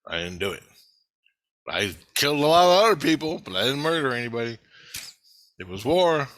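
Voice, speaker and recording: A man's voice: medium pitch, big pitch swings, fairly quick, a bit bright, no room sound. A man telling a rambling spiritual story to camera, swearing heavily and agitated. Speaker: vlogger. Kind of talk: rambling monologue.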